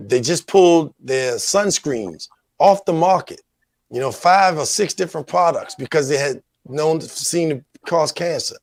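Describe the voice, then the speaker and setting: A man's voice: fairly high pitch, expressive, a little slow, no echo. A man hosting a talk show, giving earnest commentary, rambling with "you know" fillers. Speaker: radio show host.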